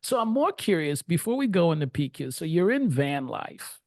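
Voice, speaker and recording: A man's voice: a little high, big pitch swings, moderate pace, darkish tone, no room sound, studio quality. A man hosting an interview, upbeat and affirming, giving many short backchannel replies. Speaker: interviewer host.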